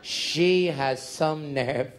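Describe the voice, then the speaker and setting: A man's voice: fairly high pitch, very slow, a faint crowd, slight background noise. An Irish comedian voicing a fussy mother snake who is indignant about her neighbour, barely changing his own voice.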